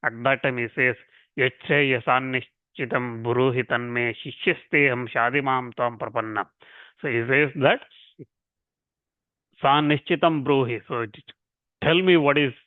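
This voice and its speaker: A man teaching scripture in a lecture, explaining step by step with repetitions and halting restarts, and reciting verses slowly. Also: mid-range voice, no echo. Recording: tinny phone-like dry sound.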